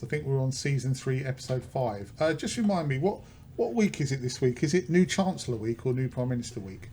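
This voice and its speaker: Man, dry halting host, casual chat, light hiss. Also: mid-range voice, expressive, dark tone. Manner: dry, self-mocking, halting. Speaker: podcast host. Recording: faint background noise.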